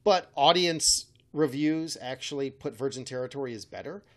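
A man's voice: medium pitch, moderate pace, a bit bright. A man hosting a casual chat, rambling and correcting himself with a wry tone. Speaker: podcast host.

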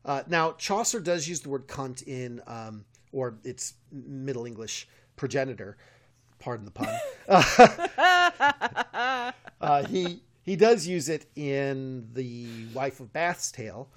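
A man's voice: medium pitch, lively intonation, a little slow. An American man co-hosting a podcast, explaining at length with many fillers and restarts, chuckling often, recorded on a studio mic. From United States. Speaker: podcast co-host, medievalist. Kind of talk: casual podcast chat.

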